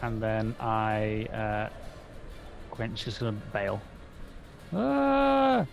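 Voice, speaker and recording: A man with a gravelly voice plays a tabletop game. He is blunt and jokey about his own misses. Faint music runs beneath. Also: on the low side, completely flat delivery, slow pace. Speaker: player. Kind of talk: casual tabletop play.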